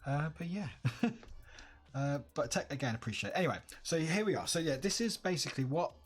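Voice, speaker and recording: A man's voice: a little high, animated, a little fast. A tired man chatting casually on a live stream, upbeat and greeting his viewers by name.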